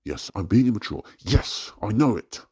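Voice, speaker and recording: Deep-voiced man ranting in distress. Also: big pitch swings, moderate pace, darkish tone, husky. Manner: hesitant with many fillers, then rising into agitated outbursts. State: distressed and frustrated. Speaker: anonymous poster venting about family life. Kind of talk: personal rant recording.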